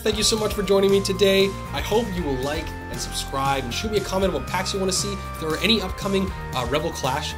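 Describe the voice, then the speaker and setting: A young man from Canada hosting a card-opening video, chatting to camera in an excitable, jokey way that swings between loud bursts and muttered asides. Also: high voice, fast, hardly any pauses, faint music behind. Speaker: card-opening channel host. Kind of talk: casual pack-opening chat to camera.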